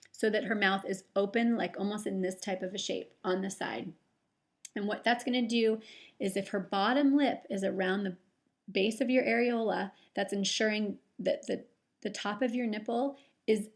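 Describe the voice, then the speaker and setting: A woman giving casual, reassuring breastfeeding advice to camera, gentle and loose with fillers. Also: medium pitch. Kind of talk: casual instructional talk to camera.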